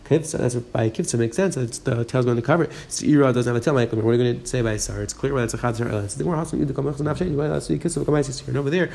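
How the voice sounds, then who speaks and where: A man teaching a Talmud page, quickly reading the Aramaic and explaining it in English. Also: medium pitch, fairly even intonation, gravelly, darkish tone. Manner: rapid, mixing Aramaic and English. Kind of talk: fast daf yomi lesson.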